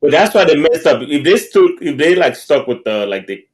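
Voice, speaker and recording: A man co-hosting a podcast, jumping in with quick reactions and laughs during a film discussion. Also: fairly high pitch. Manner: lively interjections and laughter. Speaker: podcast co-host. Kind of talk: casual movie discussion.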